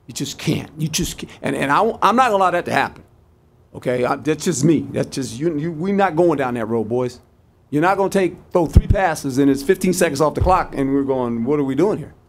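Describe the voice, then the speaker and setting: Older guy coach at a press conference, gravelly voice, folksy, repeats himself a lot. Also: on the high side, expressive, fairly quick, slight background noise. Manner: folksy, repetitive, acts out sideline exchanges. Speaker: head football coach.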